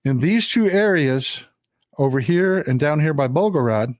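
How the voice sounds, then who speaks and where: A man with a somewhat high voice hosts a political live stream, walking viewers through a map. He presses his points by saying them twice. The sound is dry and close. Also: animated, measured pace, no echo. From Texas. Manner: emphatic, repeats phrases for stress. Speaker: political commentary host.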